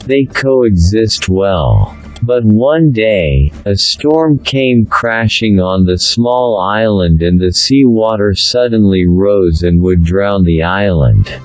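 A man narrating a fable in a slow, deliberate storybook reading. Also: fairly low pitch, animated, darkish tone, low-quality recording. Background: faint instrumental music.

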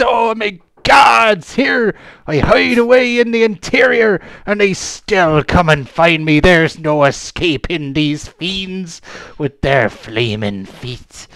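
A man's voice: very high-pitched, vocal fry, sharp tone, no room sound, pitched above the performer's own voice, full character voice. A man voicing an unhinged middle-aged female pirate hermit who shrieks and rants in a wild piratical voice. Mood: ranting.

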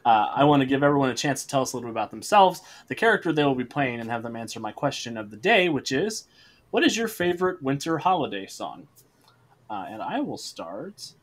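A man's voice: mid-range voice, very animated, fairly quick. A man hosting and running a tabletop role-playing game stream, upbeat and chatty with a fondness for puns. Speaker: game master.

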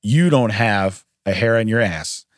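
Animated laughing man telling a story. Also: fairly low pitch, unhurried, no echo, studio quality. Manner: animated, laughing often, acts out quoted voices. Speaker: podcast co-host. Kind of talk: casual storytelling chat. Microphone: studio microphone.

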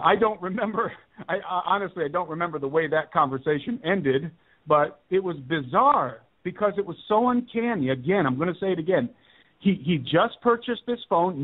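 Earnest man on a tinny phone line. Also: high-pitched. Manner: earnest, emphatic, repeats key points. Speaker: radio show guest. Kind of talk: personal testimony storytelling. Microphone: telephone.

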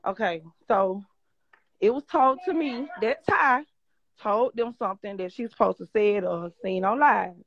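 A woman's voice: mid-range voice, measured pace, dull audio, slight background noise. A woman hosting a livestream, asking pointed, persistent questions.

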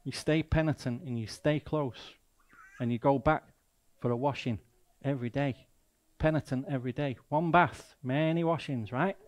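A man's voice: medium pitch, moderate pace. A man with a Mancunian accent preaching a sermon as a guest speaker, emphatic and full of rhetorical questions.

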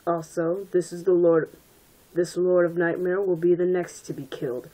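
A smug shapeshifting villain gloats and taunts with a mid-low voice, as a woman reads him out. Cold and self-satisfied, he savors every threat in this fan-story reading. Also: flat delivery, normal speed, dark tone, natural voice, poor audio. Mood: gloating. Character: gloating male villain who shapeshifts into nightmares.

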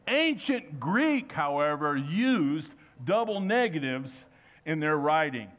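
A man preaching a sermon in a church, animated and acting out quotes in changing voices. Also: a little high, slow pace. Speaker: pastor.

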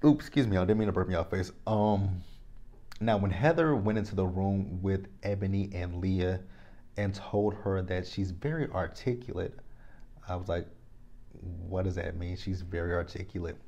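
Recap vlogger, male, low warm voice, candid and emphatic, chats straight to camera. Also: moderate pace, highs cut off. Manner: candid, animated and emphatic, addresses viewers directly. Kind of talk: casual chat to camera.

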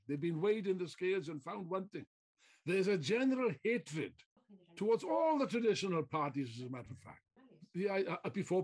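A man's voice: sits high, a little mellow, breathy edge. A man giving a political speech to a meeting, emphatic, repeating phrases and throwing out rhetorical questions. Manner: mocking mimicry of opponents. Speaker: political speaker.

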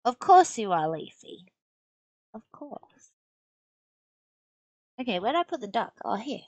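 A woman's voice: on the high side, sing-song, slow, a little mellow, no echo. A young woman streamer chatting casually and playfully while building tiny block figures, talking to herself as she works.

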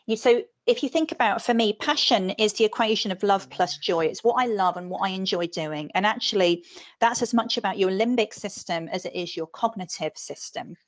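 Thoughtful woman guest, mid-pitched. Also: brisk. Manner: thoughtful, searching for words with fillers. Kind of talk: casual conversation.

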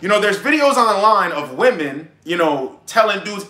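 A man's voice: high voice, very animated, moderate pace, few pauses, bright, forceful tone, echoey room. A young man giving brash, profane dating advice in a casual livestream monologue.

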